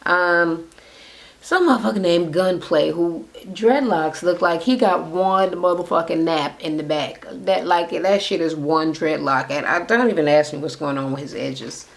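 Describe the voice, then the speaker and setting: A woman's voice: fairly low pitch, a little slow, gravelly. A woman recapping a reality show in casual, profane chatter, blunt and sarcastic as she talks to camera. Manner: blunt and sarcastic, with frequent swearing.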